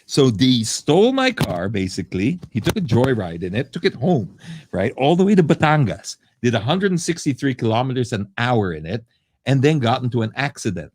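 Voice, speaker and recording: A man hosting a live question-and-answer stream, telling a story in a chatty, animated way and acting out the people in it. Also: mid-range voice, fairly quick, slight background noise. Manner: animated, acts out the people in his stories; conversational, with frequent asides and fillers. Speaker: host answering viewer questions.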